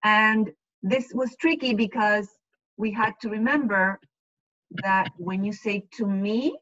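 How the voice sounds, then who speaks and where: A Spanish-speaking woman teaching an online class, explaining slowly and patiently and checking often that students follow. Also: mid-range voice, fairly bright tone. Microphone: video call. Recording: dull lo-fi video call audio.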